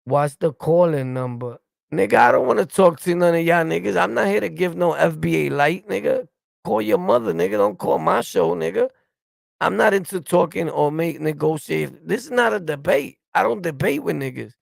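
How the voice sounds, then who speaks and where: A man's voice: high-pitched, expressive, moderate pace, gravelly, no echo. A man from New York City with a New York accent, hosting a stream and delivering blunt, profane, combative commentary. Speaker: streamer host. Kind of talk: ranting reaction commentary.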